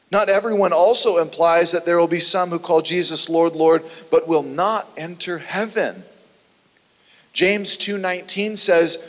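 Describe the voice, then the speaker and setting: A man preaching a sermon in an earnest, conversational way that sometimes turns animated. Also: on the high side. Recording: long hall reverb.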